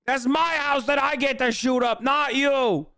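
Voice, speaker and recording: A man's voice: very high-pitched, fairly even intonation, measured pace, vocal fry, pushed and bright, voice pushed up, heavily acted. A man voicing a bitter, profane man who sneers and rants that the house is his alone. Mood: indignant. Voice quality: indignant, sneering ranting.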